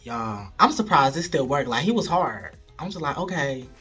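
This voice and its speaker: A man telling a frank, animated story straight to his viewers, casual vlog style, recorded at home. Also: a little high, normal speed, slightly rough, soft background music. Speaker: storyteller vlogger.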